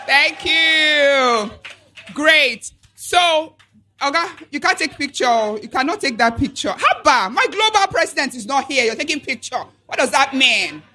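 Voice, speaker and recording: A Nigerian woman hosting an alumni event on a handheld mic, playful and teasing as she calls for shouts from the crowd. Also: high-pitched, expressive, measured pace.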